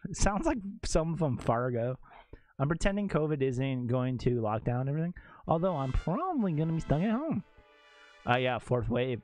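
A man's voice: a little high, wildly swooping pitch, moderate pace, soft background music. A young man streaming a game, joking crudely and reading chat aloud. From Canada. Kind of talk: casual gaming stream chat.

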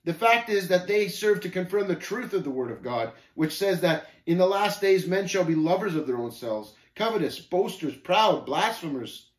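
A man's voice: high voice, animated, normal speed, few pauses, reverberant, voice pushed up. A man voicing a bold, devout male pilgrim who speaks firmly and quotes scripture. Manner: bold, firm, scripture-quoting declamation.

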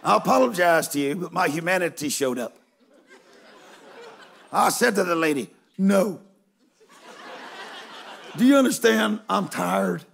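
Gravelly high-voiced preacher, slow and folksy. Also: male voice, expressive. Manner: folksy, emphatic, bursts into shouts. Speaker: guest preacher. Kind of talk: humorous storytelling sermon. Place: large church auditorium with a live congregation.

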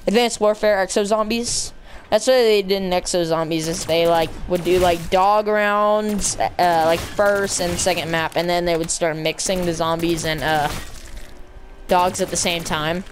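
A woman streaming a zombie shooter game, chatting casually with excitable, gushing outbursts and lots of slang. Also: lowish voice, a little slow, background noise. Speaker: gamer streaming zombie mode. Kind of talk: casual live gameplay commentary.

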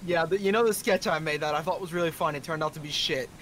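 A man's voice: a little high, quick pace, fairly bright tone, slight background noise. A man teasing his friends in casual banter, giggling often.

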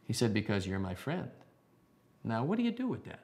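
A man's voice: mid-range voice, very animated, fairly quick, long pauses, a little mellow. A man telling anecdotes in an interview about a former broadcast partner, acting out both sides of the dialogue in a wry way.

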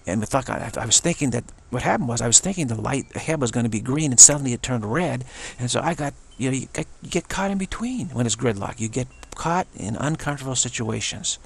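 A man's voice: mid-range voice, animated, fast, creaky, few pauses, slightly rough. A man giving a solo spoken commentary, rambling earnestly and often repeating and restarting his phrases. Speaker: channel host.

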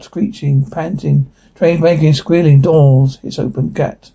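A man reading a drama script aloud, sound cues and all, in a plain, even way. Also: on the high side, slow, vocal fry, hardly any pauses, husky, rough recording. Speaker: reader.

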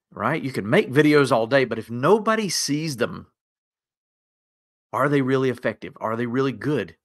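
Casting note: man, lower Appalachian accent, middle pitch, folksy webinar presenter. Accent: Southern US, lower Appalachian. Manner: folksy, self-deprecating, energetic. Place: converted home bedroom studio.

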